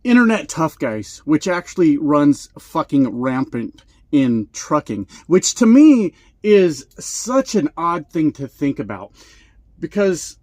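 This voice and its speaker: A man's voice: fairly high pitch, big pitch swings, takes it slowly, a little mellow, dry recording. A man and truck driver vlogging, ranting in a profane, sarcastic, rambling comedic way, a little short of breath. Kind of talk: comedic rant to camera.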